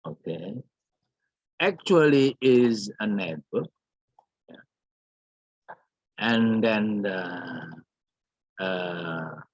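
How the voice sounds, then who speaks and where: A man's voice: lowish voice, a little mellow, breathy edge, no room sound, highs cut off. A man teaching an English grammar lesson, calling on the class and repeating each example sentence with frequent hesitations.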